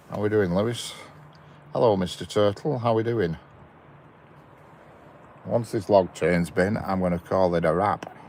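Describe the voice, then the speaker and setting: Deep gravelly man chatting on a live stream. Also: a little mellow, a little hiss or hum. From England. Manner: chatty, greets viewers by name, chuckles. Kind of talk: casual live-stream chat. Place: inside a parked car by a railway.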